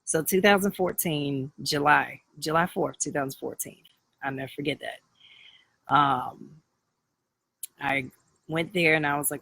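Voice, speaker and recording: A man's voice: on the high side, fairly even intonation, a little slow, creaky, pauses often, bright, forceful tone, dry recording, rough recording. A man around thirty talking candidly on a live video, rambling through a personal story with many fillers and restarts. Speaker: livestream host.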